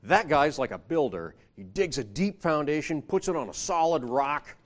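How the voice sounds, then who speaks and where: At a moderate pace, a man with a fairly high, expressive voice preaches conversationally. He poses frequent rhetorical questions to the listeners and becomes more emphatic as he quotes scripture.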